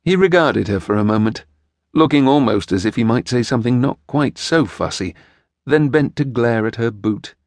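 Expressive male audiobook narrator. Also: mid-range voice, moderate pace, dry recording. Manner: expressive storytelling. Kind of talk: scripted narration.

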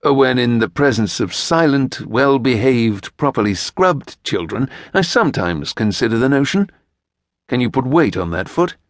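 A man doing a stern, fussy gentleman. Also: mid-range voice, lively intonation, moderate pace, dry recording, natural voice. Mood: dry. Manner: dry, clipped, pompous. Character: stern, fussy tall gentleman rider, sardonic.

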